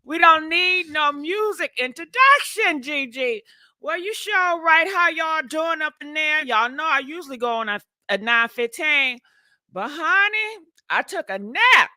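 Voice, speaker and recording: A woman's voice: sits high, bright, forceful tone, no room sound. A woman hosting a gossip live stream, talking in a sassy, chatty way straight to her viewers and laughing often. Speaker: gossip show host.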